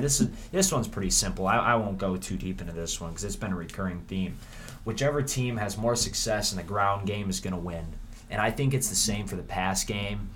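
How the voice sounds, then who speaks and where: A man hosting a casual sports preview, rambling and animated with frequent restarts. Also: low-pitched, a little hiss or hum. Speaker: sports podcast host.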